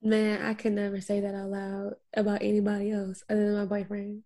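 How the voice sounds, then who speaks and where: A woman's voice: medium pitch, completely flat delivery, fairly quick, dark tone. A woman co-hosting a podcast, giggly and gushing, in slangy casual chat. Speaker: podcast co-host.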